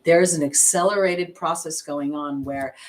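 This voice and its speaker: A woman's voice: low voice, fairly even intonation, normal speed. A woman, an intuitive astrologer, giving a casual oracle card reading and chatting expressively straight to her viewers.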